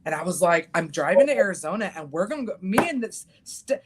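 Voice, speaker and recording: A middle-aged woman hosting a casual chat, blunt and quick to swear, acting out what people said. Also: on the low side, animated, very noisy. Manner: blunt, swears freely, acts out quotes. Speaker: podcast host.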